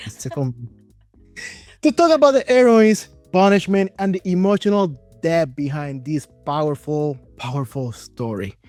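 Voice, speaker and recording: A man's voice: on the high side, animated, moderate pace, a little mellow, no room sound, faint music behind. A man with a Spanish accent hosting an interview, enthusiastic and stumbling over names. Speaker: interview host.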